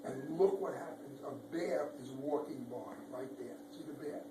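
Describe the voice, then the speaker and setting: A man reading a picture book aloud to children, animated, pointing out pictures and making sound effects. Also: mid-range voice, normal speed. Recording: echoey room, far from mic, background noise.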